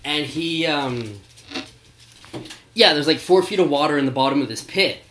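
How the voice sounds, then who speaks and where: A man's voice: a little high, animated, normal speed, fairly bright tone, slight background noise. A young man co-hosting a podcast, telling a story in a laid-back way and filling his talk with "like". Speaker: podcast co-host. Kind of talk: casual chat. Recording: echoey room.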